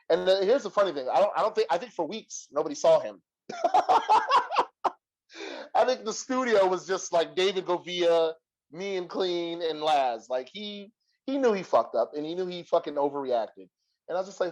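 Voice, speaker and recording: Guy ranting through an old beef story on a podcast, swears a lot, voice a bit high, kinda muffled lo-fi sound. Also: expressive, brisk, darkish tone. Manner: profane, heated retelling with quoted dialogue.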